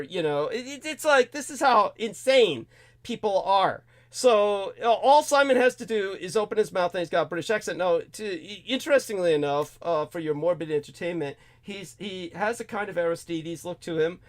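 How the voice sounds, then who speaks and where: A man hosting a talk show, ranting in an animated, indignant way with many fillers, restarts and curses. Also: sits high, normal speed. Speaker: host.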